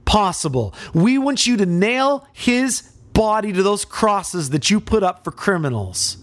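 A man putting on a harsh, demanding mob that wants a slow, painful execution. The delivery drops low at the ends of lines, is slow and heavy, and sounds close with no room echo. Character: bloodthirsty mob of accusers.

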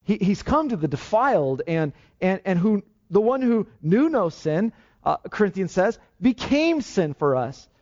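A man's voice: sits high, big pitch swings, unhurried, darkish tone. A male pastor preaching a sermon in an earnest, emphatic way, often restarting his phrases, on a dull, lo-fi recording. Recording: dull lo-fi sound.

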